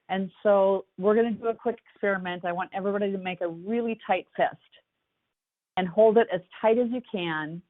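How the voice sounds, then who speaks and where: A woman presenting an online workshop, talking in a calm, conversational and gently instructive way. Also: on the low side, dry recording. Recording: tinny phone-like audio, dry.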